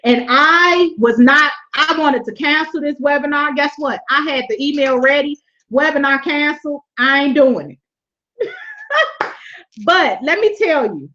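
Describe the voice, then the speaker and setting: High-voiced woman preaching motivation. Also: moderate pace. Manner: animated, laughs often, preachy repetition. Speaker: webinar host. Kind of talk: motivational faith talk. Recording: dull lo-fi webinar audio.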